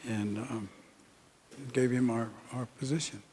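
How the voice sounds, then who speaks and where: An older man recounting a personal story in a speech, unhurried and halting with many pauses. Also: medium pitch, steady tone, darkish tone, slight background noise. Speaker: speaker at an honoring event.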